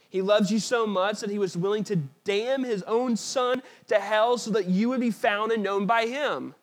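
Earnest high-voiced male preacher. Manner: earnest, emphatic preaching with slips and restarts. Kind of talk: sermon with a read-aloud story passage.

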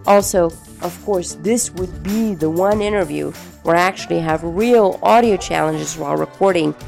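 Chatty, gravelly woman podcast host. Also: on the low side, moderate pace, a little mellow, soft background music. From Afghanistan. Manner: chatty, enthusiastic, folksy. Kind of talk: podcast introduction monologue.

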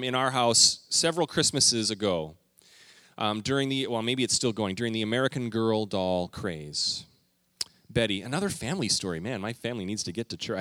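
Animated storytelling pastor, dry sound. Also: male voice, fairly low pitch, dry recording. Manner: storytelling, animated, acting out quotes. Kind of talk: sermon with family stories.

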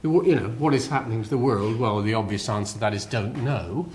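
A man's voice: fairly low pitch, fast, darkish tone, a little hiss or hum. An older man with a West Country accent giving a public lecture in a hall, chatty and self-deprecating, with fillers and restarts. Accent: West Country English. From West Country of England. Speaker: guest lecturer.

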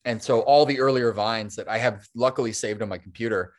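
Speaking briskly in a lowish voice, a stop-motion animator appears as a guest in a podcast interview. He rambles, restarts his sentences, and laughs easily.

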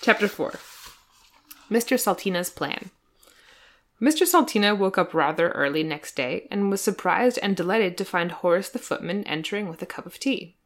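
A woman reading a storybook aloud and chatting about it in a relaxed, cheerful way. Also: mid-range voice, normal speed. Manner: chatty, laughing easily. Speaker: reader.

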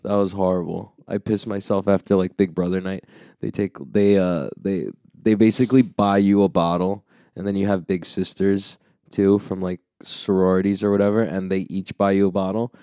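A young man trading crude jokes in a casual chat, laughing often. His voice is mellow and dark-toned. The recording is dry and close. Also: low voice, flat delivery, moderate pace, smooth, no room sound. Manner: laughing, crude joking banter.

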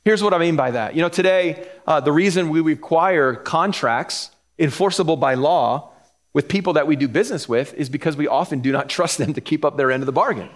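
A man's voice: on the high side, fairly quick. A man preaching a sermon in a conversational way, explaining each verse with asides and chuckling between points. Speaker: pastor.

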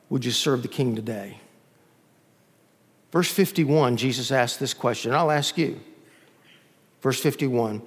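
A male pastor preaching a sermon in a church, emphatic, swinging from loud peaks to soft drops. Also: mid-range voice, slightly rough, in a large hall.

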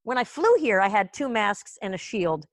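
A woman's voice: mid-range voice, lively intonation, moderate pace, dry recording, studio quality. A woman from Israel hosting a live online comedy show from home over a video call, rambling in a chatty, profane, self-mocking way. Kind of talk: casual rambling stand-up chat.

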